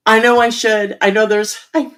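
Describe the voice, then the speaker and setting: A woman's voice: a little high, level tone, normal speed, a bit bright. Chatty self-deprecating middle-aged woman. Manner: chatty, candid, self-deprecating, frequent ums. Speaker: author hosting a writing livestream. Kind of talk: casual chat.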